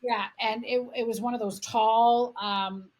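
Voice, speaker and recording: A middle-aged woman from Canada co-hosting a podcast, telling animated stories in casual chat and swearing freely. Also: on the high side, a little slow, a little hiss or hum. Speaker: podcast co-host.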